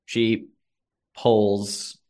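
Low-voiced guy game mastering, chatty narration with lots of uhs and likes. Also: completely flat delivery, extremely slow, mellow. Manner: loose, conversational narration with fillers.

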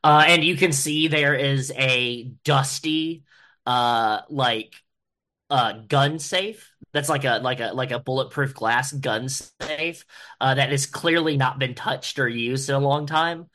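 A man's voice: mid-range voice, slow. A man describing a scene and speaking as his character in a tabletop game, loose and full of fillers. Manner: loose, filler-heavy, excitable. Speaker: player. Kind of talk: casual tabletop role-play.

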